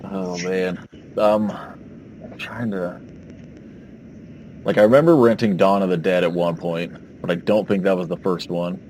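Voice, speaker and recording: A man's voice: deep voice, fairly even intonation, a little slow, long pauses, a little mellow, slight background noise. A man co-hosting a podcast in casual chat, rambling and hesitant as he recalls things. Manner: rambling, hesitant, full of "like" fillers. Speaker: podcast co-host.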